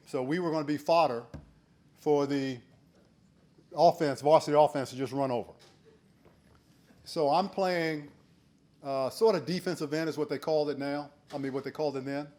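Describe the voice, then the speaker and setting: A man in his sixties giving a keynote speech, telling a folksy story and becoming animated when he acts out shouted quotes. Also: fairly high pitch. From United States. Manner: earnest and urging in advice. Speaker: keynote speaker.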